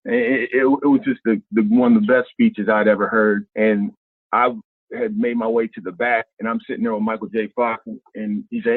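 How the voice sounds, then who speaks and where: Animated man storytelling over a phone line. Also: fairly quick, dry recording. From Ohio. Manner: animated, colloquial, acts out quotes with big pitch jumps. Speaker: guest, former basketball player. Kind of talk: casual storytelling. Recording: tinny phone-line sound.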